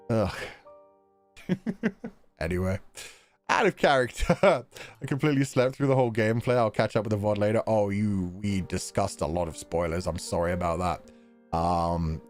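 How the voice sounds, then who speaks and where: A young man streaming casually, chatting with viewers in an animated way, laughing often and swearing casually. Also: on the low side. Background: faint background music.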